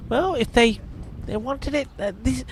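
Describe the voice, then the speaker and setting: A man's voice: very high-pitched, unhurried, a little hiss or hum. A man giving live, chatty commentary at a cricket match, bantering with the fielders near him. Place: outdoors at a cricket ground.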